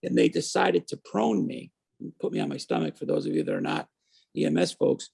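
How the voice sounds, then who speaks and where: A man in his fifties, a guest on an interview show, telling his story in a lively way and acting out the voices of people he quotes. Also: fairly high pitch, a little fast, gravelly, slightly rough. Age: 50s.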